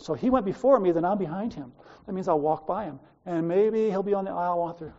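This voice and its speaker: A man's voice: high-pitched, brisk, warm tone, dull audio. An older man with an Australian accent, preaching a sermon in a conversational storytelling way, with wandering asides. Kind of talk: sermon with personal stories.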